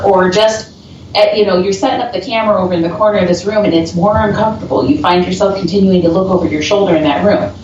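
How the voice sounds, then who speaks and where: A woman's voice: on the low side, steady tone, fairly quick, a little mellow. A woman paranormal investigator chatting casually and telling stories with frequent laughs, heard over a remote call. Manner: chatty storyteller, laughs often. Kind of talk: casual chat. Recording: dull, distant, echoey call audio with faint noise.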